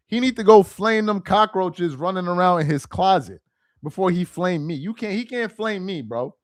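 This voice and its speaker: A man's voice: high-pitched, dry recording, clean studio sound. A young man hosting a casual livestream, reading chat aloud with slangy, incredulous banter and frequent laughter.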